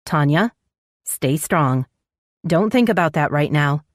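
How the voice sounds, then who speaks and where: A woman voicing a calm, firm woman giving instructions over the phone. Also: low-pitched, slow pace, no room sound, studio quality.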